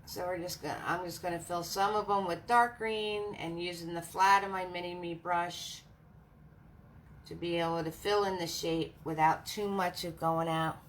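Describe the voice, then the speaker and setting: A woman hosting a live painting class, chatting warmly with viewers, laughing often and talking through each brushstroke. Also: on the low side, steady tone, normal speed, a little hiss or hum. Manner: friendly, laughs often, narrates each step. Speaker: paint party host and art instructor.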